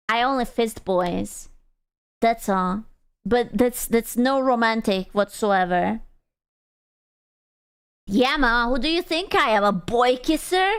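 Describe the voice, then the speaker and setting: A young adult woman streams and chats with her audience in a casual, teasing way, with crude jokes along the way. Her voice sits high and comes through clean and smooth. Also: slow, long pauses. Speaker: VTuber streamer.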